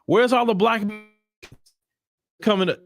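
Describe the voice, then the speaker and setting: A man's voice: high voice, a little slow, creaky, soft background music. A man, hosting his own stream. He talks emphatically, fires off rhetorical questions and circles back on his points. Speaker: show host. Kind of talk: livestream commentary.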